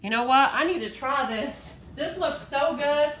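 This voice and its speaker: Excitable woman cooking, high voice. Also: a little slow. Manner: chatty, excitable, addresses viewers as y'all. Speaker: home cook showing desserts. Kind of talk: casual cooking video. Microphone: phone.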